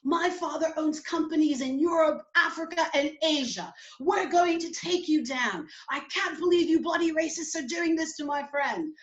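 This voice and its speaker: A woman doing a seething, posh young British woman. The voice runs high, raised well above the speaker's usual pitch. The outrage comes out in an echoey room. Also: moderate pace, few pauses, highs cut off, natural voice. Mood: furious. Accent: British, put on. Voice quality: swearing, indignant.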